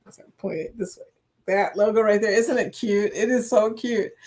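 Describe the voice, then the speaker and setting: A woman's voice: mid-range voice, normal speed, darkish tone. Older lady hosting a live chat, giggly and chatty, bit of a dry cough. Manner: chatty, laughs often, reads viewers' comments aloud. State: slight cough, dry throat. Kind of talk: casual live-stream chat.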